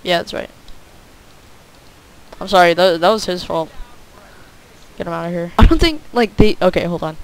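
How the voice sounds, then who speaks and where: A young man offers rambling, jokey commentary over a game he's playing, dropping "like" into nearly every sentence. His voice sits high with a clean tone, and he talks at a moderate pace with frequent pauses. The audio is poor, with a faint hiss.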